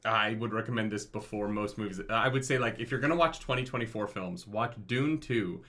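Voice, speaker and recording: A British man co-hosting a casual movie review chat, excitable and swearing freely, often laughing at his own jokes. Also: fairly low pitch, fairly quick. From Britain. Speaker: co-host of a movie review show.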